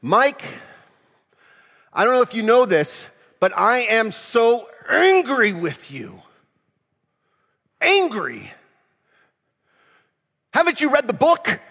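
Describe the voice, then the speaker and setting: A pastor putting on an exasperated scolding Jesus. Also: male voice, extremely high pitch, very animated, slow, creaky, pauses often, bright, forceful tone, big-room sound, voice pushed up, full character voice. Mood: angry.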